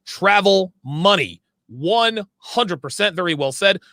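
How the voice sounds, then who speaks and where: A man's voice: high-pitched, expressive, slow pace, pushed and bright, no room sound, clean studio sound. A man hosting a livestream, reading viewer messages aloud and answering them in a blunt, emphatic way, sometimes stopping to fix his own words. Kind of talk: casual livestream talk.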